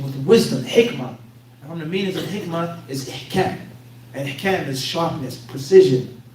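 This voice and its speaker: With a fairly high voice and a somewhat dark tone, this Islamic teacher lectures his class in a Philadelphia accent. He speaks bluntly, with street-smart wording, pausing on rhetorical "what?" questions so listeners can respond. It's recorded from a distance in an echoey space with a faint hum.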